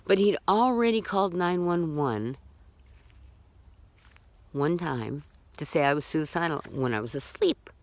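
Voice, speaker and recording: A woman with a low, expressive voice speaks unhurriedly and pauses often while telling her own story unscripted. Agitated and indignant, she talks bluntly with profanity and repeatedly restarts sentences.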